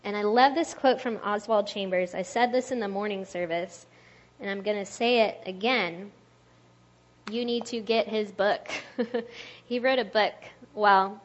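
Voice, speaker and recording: A woman's voice: mid-range voice, a little slow. A woman delivers a casual sermon in a friendly, conversational voice. She laughs often and fills her talk with "like". The recording sounds slightly muffled. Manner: chatty, laughs often, uses "like" a lot. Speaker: speaker at a church youth talk.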